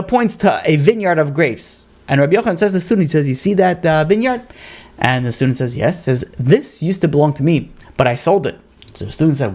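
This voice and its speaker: A man, a rabbi, teaching a lively Torah class, asking rhetorical questions and acting out story dialogue with Hebrew terms mixed in. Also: on the high side. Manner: sprinkles Hebrew and Aramaic learning terms. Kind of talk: lively lecture.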